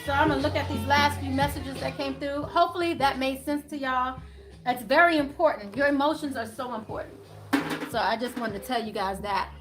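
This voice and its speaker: A woman hosting a spiritual livestream, talking casually and bluntly, animated and profane. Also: high voice.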